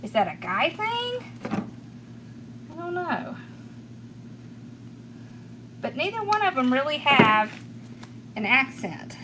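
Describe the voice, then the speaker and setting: A woman's voice: sits high, very animated, takes it slowly, long pauses, background noise. A middle-aged woman with a Southern accent from rural Georgia, chatting with viewers as she demonstrates a craft, laughing often and thanking people by name. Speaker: craft tutorial host.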